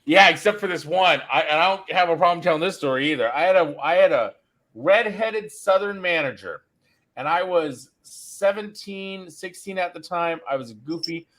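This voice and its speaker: A middle-aged podcast host, speaking at a moderate pace in a somewhat high, fairly bright voice, tells a long story in casual chat. He rambles and keeps interrupting himself.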